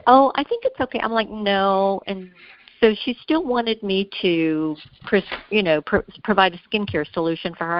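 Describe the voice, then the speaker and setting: A woman guest telling lively stories about her skincare work in a casual interview, acting out what people said. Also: on the low side, no room sound, lo-fi sound. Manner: animated, acts out quoted voices.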